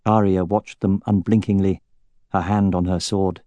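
Male audiobook narrator: mellow, even, measured, dry booth sound. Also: low-pitched, no room sound.

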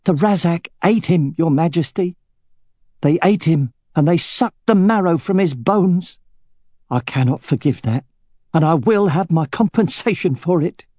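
A man's voice: a little high, unhurried, dark tone, dry recording, voice pushed up. Unyielding widow, as a male narrator voices her: cold, insistent, dry close read. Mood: grim. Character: grim vengeful widow, stony and unyielding.

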